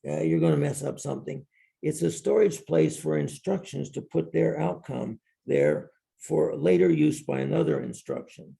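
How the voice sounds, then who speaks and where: A man's voice: on the high side, vocal fry, mellow. A male professor giving a university lecture in a classroom, explaining step by step and repeating key terms.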